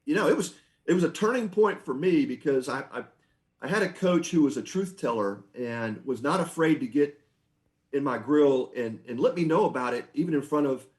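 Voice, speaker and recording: A middle-aged man, a former baseball pitcher, telling stories on a podcast in a relaxed, chatty way. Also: moderate pace. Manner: relaxed, anecdotal, frequent restarts and laughs. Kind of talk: conversational storytelling.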